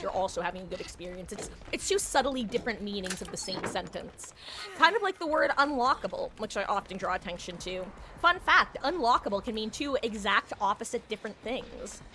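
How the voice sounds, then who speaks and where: A woman live-streaming a game, chatting casually with viewers, greeting them and musing on playful wordplay. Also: mid-range voice. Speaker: livestreamer. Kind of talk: casual live-stream chat while gaming. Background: game music.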